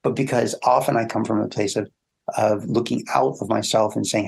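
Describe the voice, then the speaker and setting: A man in an interview talks through relationship advice with a gravelly, faintly husky voice. He tells stories with animation and lifts his voice to act out what people think. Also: fairly quick. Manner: animated storyteller, acts out quoted thoughts in a higher voice. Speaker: relationship coach guest. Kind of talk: conversational interview.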